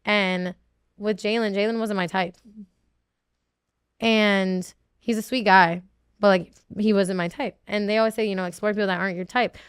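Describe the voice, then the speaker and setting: A woman pours out her side of the story as a podcast guest, rambling and circling back with plenty of "like"s. Her voice is smooth and clear. The sound is dry and close, with no room around it. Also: mid-range voice, steady tone, moderate pace, no room sound. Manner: emotional, rambling with many "like"s and restarts. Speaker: reality show contestant guest. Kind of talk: candid podcast interview.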